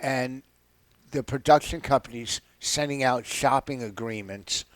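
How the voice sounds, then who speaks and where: A man's voice: mid-range voice, measured pace, no room sound. A man, a comedian, telling stories in a casual radio talk and laughing often. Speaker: guest comedian.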